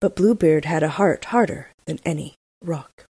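A woman reading a fairy tale aloud, steady, with small slips. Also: sits low, moderate pace, slightly rough, dry recording. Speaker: storyteller.

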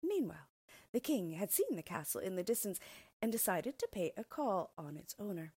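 A woman reading a fairy tale aloud in an expressive storybook style. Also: medium pitch, normal speed, husky, dry recording.

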